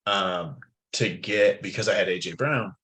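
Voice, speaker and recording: A man's voice: deep voice, unhurried, bright, forceful tone, low-quality recording. A man talking through a fantasy football roster in a casual podcast chat, thinking aloud with frequent fillers. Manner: thoughtful, hedging with fillers.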